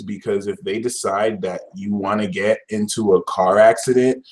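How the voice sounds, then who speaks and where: A man's voice: steady tone, normal speed, hardly any pauses. A man giving a casual tarot reading, talking in a slangy, exasperated, theatrical way. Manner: dramatic, exasperated, swings to shouting and high-pitched outbursts; slang-heavy, fillers like "like", "y'all". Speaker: tarot reader.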